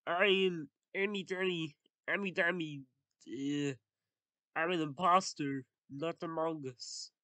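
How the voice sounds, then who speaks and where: A man's voice: on the high side, steady tone, slow, sharp tone, no echo. A man doing a meek, mumbling impostor monster. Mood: sheepish. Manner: hesitant, mumbling with fillers. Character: meek male impostor monster wanting another's place.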